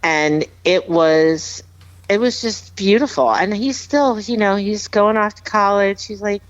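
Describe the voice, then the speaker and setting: A woman's voice: mid-range voice, measured pace, no echo, highs cut off. A woman guest on a podcast, earnestly telling a personal story with emphatic repeats. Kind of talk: heartfelt storytelling, casual chat.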